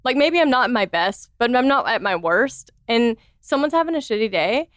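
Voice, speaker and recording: A woman's voice: fairly high pitch, big pitch swings, normal speed, fairly bright tone, no echo, clean studio sound. A woman in her thirties chatting as a podcast guest, laughing often and acting out the voices she quotes. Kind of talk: casual interview chat.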